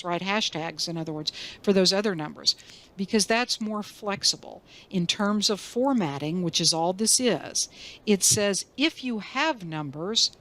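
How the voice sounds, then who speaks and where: A woman instructor talking through a software tutorial in a chatty way, asking rhetorical questions and making self-deprecating asides. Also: fairly low pitch. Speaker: college instructor. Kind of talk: screen-recorded software tutorial.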